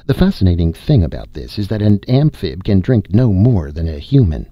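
A man voicing a crafty, confident male rebel who talks smoothly and persuasively. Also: sits low, very animated, normal speed, warm tone, no echo, full character voice. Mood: sly.

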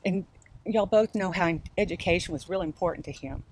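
Older woman, low-pitched, eulogy in a church, chatty, light background noise. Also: a little fast. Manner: warm, chatty, laughs through stories. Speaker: family member giving a eulogy. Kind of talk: memorial speech.

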